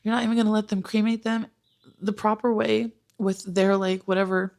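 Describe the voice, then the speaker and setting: A young woman with a slightly gravelly, fry-touched voice, ranting casually and emotionally to her vlog camera. She sounds close to tears and exasperated, with plenty of "like" fillers. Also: mid-range voice, flat delivery, moderate pace, darkish tone. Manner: emotional and exasperated, many "like" fillers, rants about a book. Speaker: book vlogger. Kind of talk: casual talking-head vlog update.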